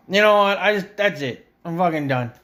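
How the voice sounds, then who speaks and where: A man's voice: high-pitched, sharp tone. A middle-aged man in a friend's house, ranting with heavy swearing, exasperated and sarcastic. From Canada. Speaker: vlogger. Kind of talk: profane comedic rant.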